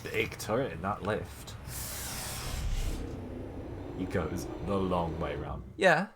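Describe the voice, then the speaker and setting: A man's voice: low-pitched, big pitch swings, slow pace, background noise. A man with a Mancunian accent giving casual gameplay commentary, muttering and swearing at himself. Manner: muttering, self-deprecating, swearing. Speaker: let's play streamer.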